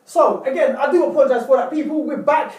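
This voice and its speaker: A fast-talking man with an extremely high, slightly mellow voice sits far from the mic in an echoey room. His direct-to-camera relationship advice is earnest and repetitive, and he often addresses viewers as "people."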